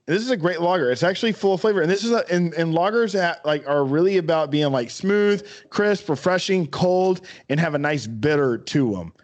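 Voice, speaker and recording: A man with a slightly higher voice co-hosts a podcast in loose, casual chat. He rambles enthusiastically from one thought to the next and swears freely. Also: expressive, a little fast, hardly any pauses. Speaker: podcast co-host.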